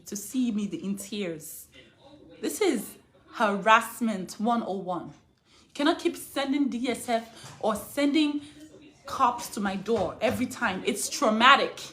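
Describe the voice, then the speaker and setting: A woman's voice: a little high, fairly bright tone. A young woman from Africa speaking straight to her viewers in an emotional vlog, indignant and repeating herself as she builds to defiant outbursts. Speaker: vlogger. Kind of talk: emotional direct-to-camera vlog.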